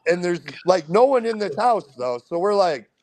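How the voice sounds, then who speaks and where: A young man casually telling a long, profane story as a podcast guest, rambling and animated. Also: high-pitched, moderate pace.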